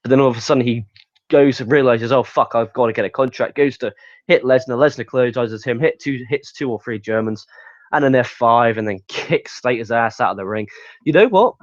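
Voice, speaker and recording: A man's voice: mid-range voice, fairly quick, no room sound, muffled recording. A man reviewing a wrestling show in casual solo commentary, talking bluntly and profanely with open exasperation.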